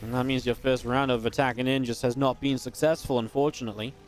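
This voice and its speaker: A man giving live play-by-play commentary on a strategy game match, quick and excitable, with restarts and filler words. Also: mid-range voice, slight background noise. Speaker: esports caster.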